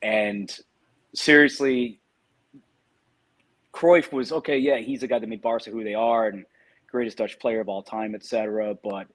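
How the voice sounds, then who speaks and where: A man's voice: lowish voice, fairly even intonation, moderate pace, long pauses. A man co-hosting a podcast in a casual live-stream chat, with dry, wry humor. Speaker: podcast co-host.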